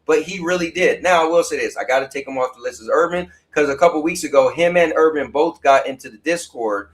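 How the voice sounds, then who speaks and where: A man hosting a casual livestream chat, telling stories in an animated, slangy, emphatic way. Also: a little high, quick pace. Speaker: host.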